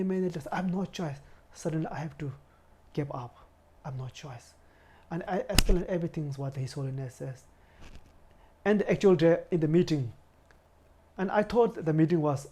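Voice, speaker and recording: A man in his forties from India, a Buddhist lama, telling his life story in a halting way, searching for words and often saying "you know". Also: on the high side, warm tone. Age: 40s. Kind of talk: personal storytelling interview.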